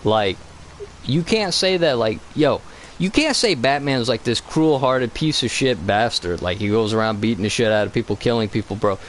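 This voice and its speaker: A man with an average-pitched voice rambles through casual gaming commentary, swearing freely and ranting. A faint hiss sits quietly under his voice. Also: expressive, moderate pace, poor audio. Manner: profane, ranting, loose and rambling. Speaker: gaming channel co-host.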